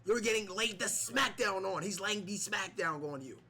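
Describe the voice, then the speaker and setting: A man's voice: high voice, normal speed, sharp tone, slightly rough, exaggerated voice. A man doing an impression of a brash male wrestling star, taunting an opponent in sing-song jeers.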